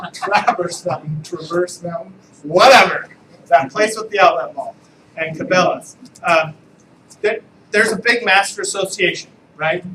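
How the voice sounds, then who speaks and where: A man's voice: high voice, slow, pauses often, bright, forceful tone, slight background noise, low-quality recording. A man, an attorney, giving a casual, joking live training talk to real estate agents and asking the room questions.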